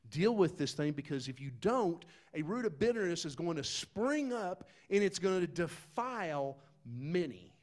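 A man preaching a sermon in a folksy, conversational way, talking straight to the congregation, dropping to quiet asides and rising to loud, emphatic bursts. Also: a little high, very animated, a little slow, hardly any pauses. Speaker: pastor.

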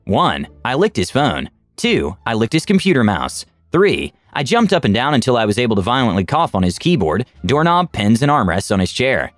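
A man narrating online stories in an expressive, scripted reading. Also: mid-range voice, moderate pace, hardly any pauses, no echo, faint music behind. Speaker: story narrator.

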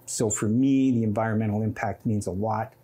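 A man from Canada, a chef, speaking in a measured, plainspoken way in an interview. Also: fairly low pitch, fairly even intonation, mellow.

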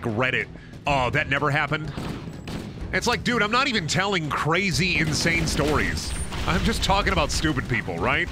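A man streaming a game, rambling through stories in casual chat, swearing a lot and sounding exasperated. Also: fairly high pitch. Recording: game music under the voice. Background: game music.

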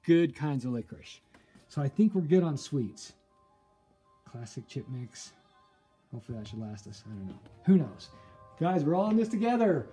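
A woman in her thirties with a low, mellow voice vlogs casually at home, chatty and upbeat as she talks straight to her viewers. The room rings with echo and faint music plays behind her. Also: very animated, normal speed, pauses often. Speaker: family vlogger. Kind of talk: casual home vlog to camera. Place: family home indoors.

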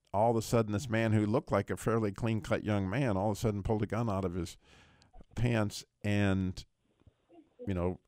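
In a dry, clean studio recording, a middle-aged radio prayer show host with a lowish voice recounts a dramatic testimony conversationally. He tells it animatedly, his voice jumping up at the emotional high points.

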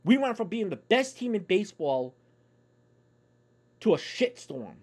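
A man's voice: sits high, sing-song, measured pace, husky. A man delivering a profane, angry sports fan rant on his YouTube channel, swearing in nearly every sentence.

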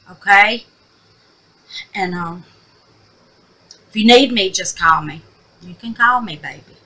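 A woman's voice: mid-range voice, bright, forceful tone, rough recording. A woman hosting a craft channel, chatting affectionately with viewers and easily sidetracked. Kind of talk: casual vlog sign-off with prayer.

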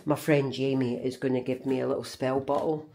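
A woman's voice: a bass voice, little pitch movement, fairly quick, gravelly, dark tone, slight background noise. Rambling Scottish woman vlogging. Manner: rambling, chatty, often restarts and corrects herself. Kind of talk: casual vlog chat.

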